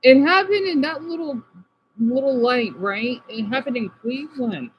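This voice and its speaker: A man from Arizona streaming casually, reading chat comments aloud and reacting, moving between subdued talk and excited outbursts. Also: very high-pitched, moderate pace, lo-fi sound, slight background noise.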